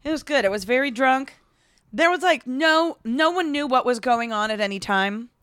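A woman's voice: high voice, animated, normal speed, fairly bright tone, clear, resonant tone, dry recording. A woman co-hosting a podcast, telling stories in casual chat with laughs and swearing. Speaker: podcast co-host.

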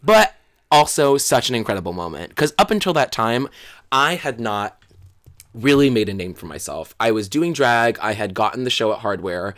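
A man's voice: mid-range voice, sing-song, normal speed, fairly bright tone, no room sound. Chatty young man, dry close sound. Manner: chatty storytelling, acts out quotes, many fillers. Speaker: drag performer and guest. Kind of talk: casual interview chat.

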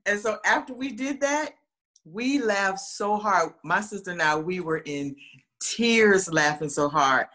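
A woman with a mid-range voice, speaking unhurriedly, shares amusing stories during a relaxed chat. She brings them to life energetically, imitating the people she quotes.

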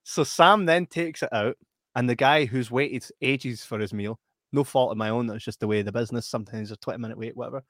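Full of laughter, a Scottish man animatedly shares funny stories in casual conversation, putting on voices for the characters. He speaks briskly in a mid-range voice, captured in studio quality without any room sound.

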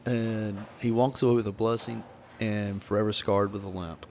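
Speaking at a normal pace, a former minister who hosts a podcast tells stories about grief in a candid, earnest, preacherly conversation. His lowish voice is a little mellow and shows little pitch movement, with slight background noise behind it.

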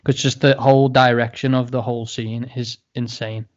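A man co-hosting a casual podcast, joking and swearing in a relaxed way. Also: medium pitch, normal speed. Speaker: podcast co-host. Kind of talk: casual chat. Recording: slightly dull, muffled audio.

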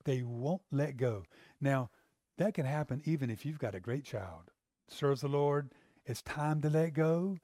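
A man's voice: medium pitch, expressive, measured pace, dark tone, no room sound, clean studio sound. A man pastor preaching a sermon in an earnest, conversational way, asking the listeners questions.

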